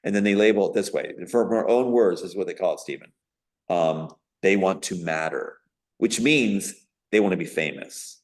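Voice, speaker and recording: A man with a somewhat low-pitched voice speaks as a guest in an interview. He tells a long personal story in a rambling way. His tone is emphatic and indignant, and his sentences are broken up by ums and uhs. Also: moderate pace. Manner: emphatic, indignant, with frequent fillers.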